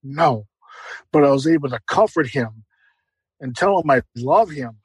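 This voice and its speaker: A man's voice: medium pitch, lively intonation, a little slow, pauses often, breathy edge, dry recording, rough recording. A middle-aged man giving an earnest, heartfelt personal testimony as an interview guest, repeating phrases for emphasis.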